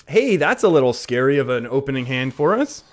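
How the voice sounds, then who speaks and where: A man's voice: medium pitch, very animated, brisk. A man live-streaming a card game, talking through his plays in a chatty way and often laughing.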